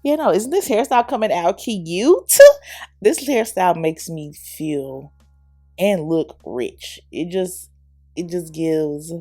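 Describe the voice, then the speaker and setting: Gravelly, chatty woman vlogger. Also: on the low side, lively intonation, unhurried, dry recording. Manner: chatty, laughs often, talks straight to the viewer. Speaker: hair tutorial vlogger. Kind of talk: casual chatty voice-over tutorial. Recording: soft background music.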